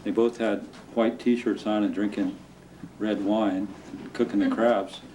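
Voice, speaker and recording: An older man from the Northern California coast recalling childhood memories in an unhurried way, laughing through vivid moments, at a museum talk. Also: lowish voice, steady tone. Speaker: storyteller guest. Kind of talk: anecdotal storytelling. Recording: distant mic with clear background noise.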